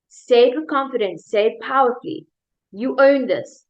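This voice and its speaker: A woman's voice: fairly high pitch, a little fast, muffled recording. A woman life coach guiding a motivational workshop video, upbeat and leading repeat-after-me chants.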